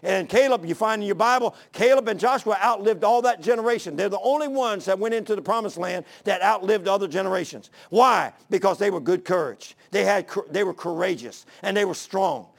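Male preacher, high gravelly voice, folksy and fervent sermon delivery. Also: a little fast, hardly any pauses. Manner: folksy, fervent preaching with plain everyday talk.

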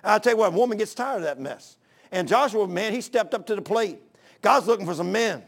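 A man's voice: high-pitched, lively intonation, brisk. A man preaching a sermon in a folksy, fervent manner, mixing plain everyday talk with scripture reading.

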